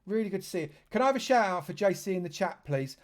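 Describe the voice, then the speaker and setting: A man's voice: high-pitched, animated, fast. A man from London, giving chatty live commentary on a game stream and joking with dry sarcasm. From London, England.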